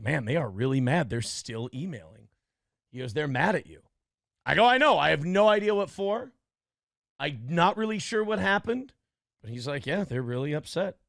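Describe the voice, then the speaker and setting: A middle-aged man with a gravelly, fry-tinged voice sits a bit high for his register. He rambles through casual stories to his audience, slipping into quoted back-and-forth. The sound is dry and close, with no room around it. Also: a bit bright, no room sound. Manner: rambling anecdotes, quoting others in conversation. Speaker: streamer host. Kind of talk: casual chat.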